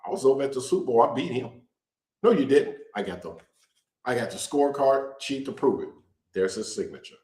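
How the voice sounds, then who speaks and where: A man hosting a casual show, talking to viewers in an animated, joking way and drawing out words for emphasis. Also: mid-range voice, brisk, reverberant, low-quality recording. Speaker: host. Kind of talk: casual direct-to-camera promo talk.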